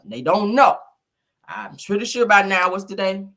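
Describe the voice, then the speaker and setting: A man hosting a gossip commentary show, talking with dramatic exclamations and animated reactions. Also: high voice, a little slow.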